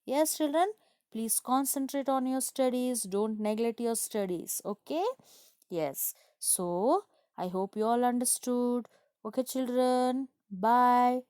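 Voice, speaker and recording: A woman school teacher with an Indian English accent, giving an online grammar lesson to children, explaining slowly and answering her own questions. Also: fairly high pitch, mellow, smooth, no echo, studio quality. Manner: slow, repetitive explaining, asks and answers herself.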